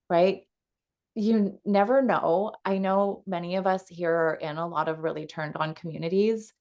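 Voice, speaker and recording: A woman coach leading a casual teaching call from home over a video call, chatty and quick to laugh, with frequent fillers. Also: fairly low pitch, darkish tone.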